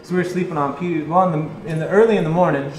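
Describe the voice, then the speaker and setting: A man telling a rambling tour story in casual chat, animated, swearing freely and laughing as he talks. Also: fairly high pitch, racing. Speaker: interview guest, touring musician. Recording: echoey room.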